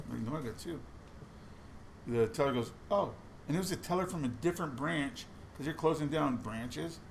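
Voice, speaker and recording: A man's voice: a little high, normal speed, gravelly, background noise. A man chatting casually while going through boxes of coins, telling stories with lots of restarts. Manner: chatty storytelling with many restarts. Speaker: coin roll hunting vlogger.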